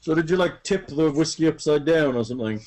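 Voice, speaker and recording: A man's voice: fairly high pitch, lively intonation, quick pace, darkish tone. Casual man narrating as game master.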